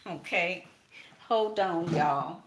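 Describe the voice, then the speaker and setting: A middle-aged Chicago woman gives a casual tarot reading, speaking right to her viewers while swearing freely and laughing. Her voice sits on the low side and moves very slowly, with slight background noise in the clip.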